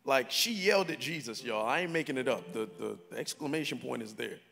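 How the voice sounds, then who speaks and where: A man preaching a sermon as pastor to a congregation, lively and conversational with call-and-response, swinging from shouts to soft tones. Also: mid-range voice, a little fast, creaky. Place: large church hall with congregation. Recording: long reverb from a church hall, faint music.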